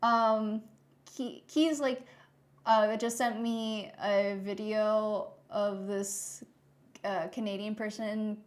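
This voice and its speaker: A woman's voice: mid-range voice, steady tone, slow pace. A young woman hosting a live art stream, chatting casually and reading chat aloud while she draws.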